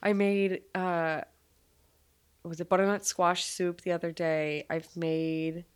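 A woman's voice: lowish voice, flat delivery, slow pace, clear, resonant tone. A young woman co-hosting a podcast, chatting casually, laughing often and swearing freely. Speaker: podcast co-host. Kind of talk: casual chat.

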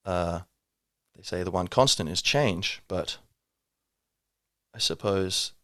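Low voiced guy rambling thoughtfully on his podcast, lots of ums, dry close sound. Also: slow, a bit bright, no echo. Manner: rambling, thoughtful, many fillers and restarts. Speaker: podcast host. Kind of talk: reflective solo monologue.

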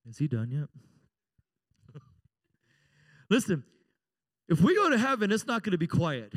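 A male pastor preaching with playful, animated energy, breaking into shouted exclamations. His voice sits high for a man and bounces with excitement. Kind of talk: sermon.

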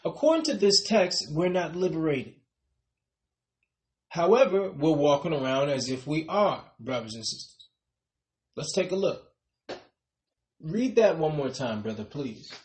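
A man preaching a sermon, rising emphatically on key points and dropping to a soft tail on "brothers and sisters". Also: a little high, animated, unhurried, pauses often, roomy sound.

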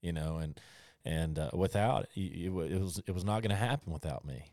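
A man's voice: low voice, a little fast, darkish tone, no echo, studio quality. A man co-hosting a casual faith talk, rambling and hesitant.

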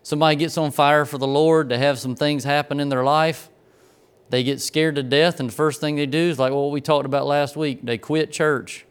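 A preacher spins a folksy tale from the pulpit in a slightly high, smooth and clear voice. The man tells it like a storyteller and builds toward the lesson. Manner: folksy storyteller, grows excited and laughing in the funny parts. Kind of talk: sermon with a personal story.

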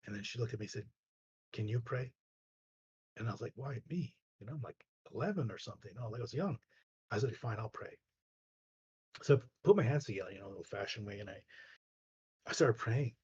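A man's voice: fairly low pitch, lively intonation, rapid-fire, a little mellow. A man from Canada, a guest, telling a personal story in a loose, rambling way full of "like" and "you know". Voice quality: very husky. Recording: dull lo-fi online call audio.

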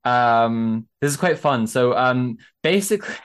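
Brief: young man, mid pitch, rambling casual storyteller, swears freely. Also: measured pace, clean tone. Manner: animated, swearing, lots of fillers.

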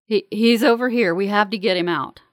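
A woman's voice: medium pitch, brisk, no echo, clean studio sound, natural voice. A woman voicing an injured, dazed man trapped in smoke, who speaks weakly and falters between coughs. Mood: shaken.

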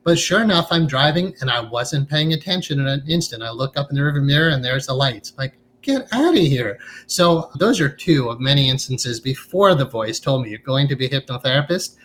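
A man's voice: mid-range voice, brisk, few pauses, fairly bright tone, a little hiss or hum. A man being interviewed as a hypnotherapist, talking in an earnest, reflective way and often tagging his points with a questioning "right?". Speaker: guest, hypnotherapist. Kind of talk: conversational interview.

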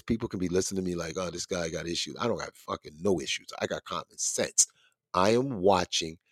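A middle-aged man talks straight into the mic in a dry, close recording with no room sound. His voice sits on the low side, but it leaps around in pitch as he spins a blunt, cursing street story. He sounds like a show host chatting off the cuff. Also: a little mellow, dry recording. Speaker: podcast host. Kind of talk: casual rambling monologue telling a story.

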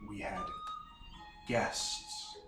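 A man's voice: fairly low pitch, slow. A man voicing a formal masked boy in a sealed leather suit, speaking in a muffled, reverberating way, stiffly formal and apologetic. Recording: roomy, distant mic with faint music.

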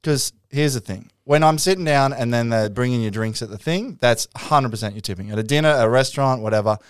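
A man's voice: mid-range voice, brisk, clear, resonant tone, dry recording, clean studio sound. An Australian man co-hosting a podcast, chatting casually and telling stories with a loose, swearing manner. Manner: swears freely, animated storytelling. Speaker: podcast co-host.

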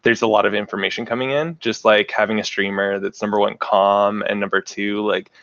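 A man's voice: on the low side, level tone, brisk, a bit bright, no room sound. A man chatting casually as a podcast guest, filling his talk with "like". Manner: chatty, lots of "like" fillers. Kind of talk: casual chat. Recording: dull, dry lo-fi audio.

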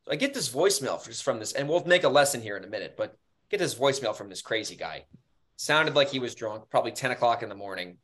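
A New York man co-hosts a podcast in a casual, animated storytelling style and swears freely. His voice sits at an average pitch. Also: fast talker. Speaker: podcast co-host.

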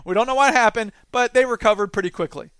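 A man's voice: extremely high pitch, fast, fairly bright tone, clear, resonant tone, no echo. A man hosting a casual talk show, reading news items aloud and commenting on them with self-deprecating asides. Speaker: podcast host.

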